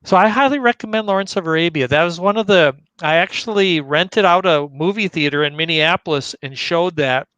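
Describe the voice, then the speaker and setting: Bright-voiced male live-stream host. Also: on the high side, a little fast, hardly any pauses, clean tone, no room sound, muffled recording. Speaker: host of a live movie chat. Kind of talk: casual live-stream chat.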